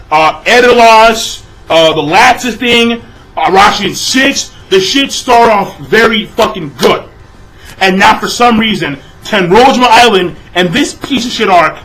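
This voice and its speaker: A young man ranting through a manga chapter review, swearing freely, repeating himself and breaking into shouted outbursts. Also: high-pitched, animated, unhurried, low-quality recording. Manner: exasperated, profane, repeats phrases, shouts in bursts.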